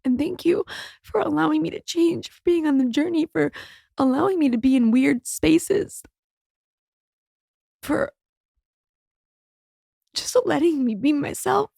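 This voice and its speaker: High, heavily gravelly woman in her thirties. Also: measured pace, pauses often, mellow, no room sound, clean studio sound. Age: 30s. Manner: heartfelt and emotional, swears casually. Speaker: podcast host. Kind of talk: personal podcast monologue.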